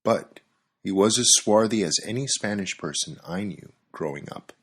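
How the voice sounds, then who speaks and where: A man's voice: lowish voice, lively intonation, moderate pace, a bit bright, slightly rough. A man hosting a podcast, reading scripted narration with wry, dry-humored storytelling. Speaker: podcast host.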